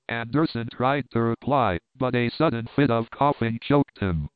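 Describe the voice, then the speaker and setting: Male audiobook reader, smooth clear voice, tinny phone-like sound, dry. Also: mid-range voice, no room sound. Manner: steady, measured reading. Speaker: audiobook narrator. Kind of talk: scripted narration.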